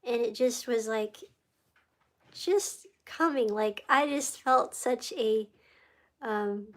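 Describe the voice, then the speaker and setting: Woman on a livestream, kinda high voice, rambly and emotional, keeps getting sidetracked. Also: takes it slowly. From United States. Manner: rambling, easily distracted, emotional storytelling. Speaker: livestream host. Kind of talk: casual faith testimony livestream.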